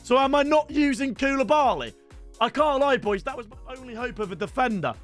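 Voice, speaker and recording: A young man hosting a gaming video, talking in a very high, bright register. He chats and banters excitably with his viewers, and faint music plays under his voice. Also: brisk, dry recording. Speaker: video game channel host. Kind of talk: casual gaming commentary.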